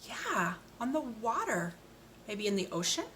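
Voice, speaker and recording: A woman teaching speech sounds to a young child, speaking slowly and patiently with bright, clear tone. Each sound is modeled deliberately and encouragingly. Faint ambient noise in a small room. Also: mid-range voice, big pitch swings. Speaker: speech therapist.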